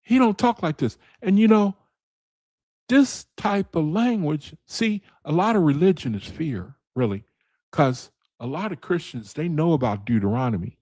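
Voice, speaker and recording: A man's voice: on the high side, a little mellow. A man with speech leads a casual Bible study for his viewers. He talks in a loose, conversational way and keeps hammering the same point again and again. His voice sounds dry and close, with no room echo. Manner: conversational, repeats phrases, addresses viewers as brethren and man.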